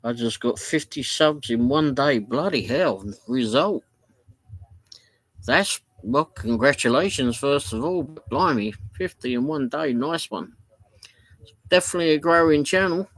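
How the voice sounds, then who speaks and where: Brief: male streamer, mid-pitched, casual rambling chat from a home office, dry close sound. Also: lively intonation, unhurried, fairly bright tone, no room sound, poor audio. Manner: rambling, chatty, reads viewer comments aloud. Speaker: livestream host.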